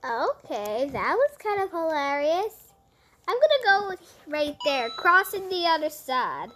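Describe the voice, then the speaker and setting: A young woman's very high, bright voice that swoops all over as she talks through a game. She goes unhurried between bursts of squealing and giggling, narrating every twist the moment it appears. A faint hiss sits behind her. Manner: excitable, squealing and giggling at surprises; narrates every on-screen event aloud. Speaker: gameplay commentator. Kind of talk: excited let's-play commentary.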